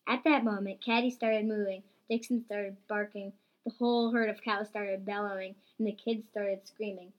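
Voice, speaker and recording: A woman reading a homemade farm story aloud in a lively, plain way. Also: mid-range voice, normal speed, few pauses, dull audio.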